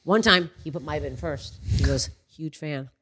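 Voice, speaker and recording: A woman's voice: deep voice, normal speed, a little hiss or hum. A woman in her thirties hosting a podcast, telling stories in a casual chat, acting out people's voices and swearing freely. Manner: animated storytelling, acts out people's voices. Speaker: podcast host.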